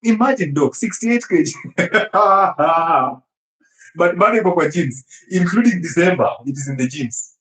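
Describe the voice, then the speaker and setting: A man with a fairly high voice lectures about health in an emphatic, teasing way. He laughs often and pelts his listeners with rhetorical questions. The sound rings in a reverberant room. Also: lively intonation, measured pace, a bit bright. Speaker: health speaker. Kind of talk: animated health talk. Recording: echoey room.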